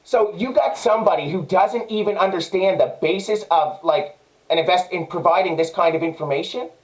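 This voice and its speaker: A man's voice: high voice, brisk, rough recording. A man with a Canadian accent delivering an angry, profane personal monologue, agitated and repetitive. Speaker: vlogger.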